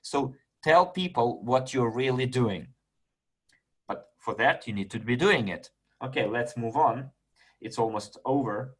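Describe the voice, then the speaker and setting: A man whose first language is Russian gives a casual webinar talk, recounting a conversation with halting fillers and self-corrections. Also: mid-range voice, husky. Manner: recounts a conversation, quoting both sides. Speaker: webinar presenter.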